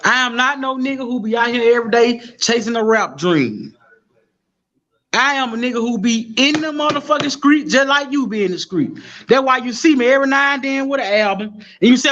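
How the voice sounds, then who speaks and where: A man telling profane, animated street stories as a guest on a live stream. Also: extremely high pitch, lo-fi sound. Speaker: guest rapper. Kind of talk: casual storytelling on a live stream.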